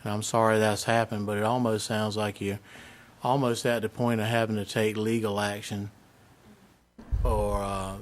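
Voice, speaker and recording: A man on a planning board answering a resident, measured and hesitant with frequent pauses. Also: fairly low pitch. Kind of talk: formal response at a public meeting. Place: county meeting room.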